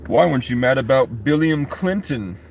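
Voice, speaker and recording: A man's voice: mid-range voice, lively intonation, normal speed, darkish tone, slight background noise, natural voice. A man voicing a scornful, power-proud woman official in a haughty, dismissive tone.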